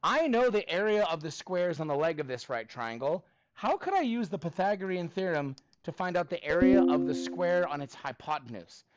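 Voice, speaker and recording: A man's voice: on the high side, sing-song, normal speed, hardly any pauses, no echo, muffled recording. A man teaching a math class, upbeat and prompting students for answers.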